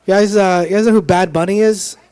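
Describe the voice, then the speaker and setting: A young man works the room at an open mic in a small club, speaking into a handheld stage mic. His voice sits high for a man, and he ribs the crowd and himself as he goes. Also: steady tone, brisk, a little mellow, clear, resonant tone. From Dominican heritage, grew up in Texas area. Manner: self-deprecating, crowd-teasing punchlines. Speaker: stand-up comedian. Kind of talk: open mic stand-up comedy. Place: small live music club.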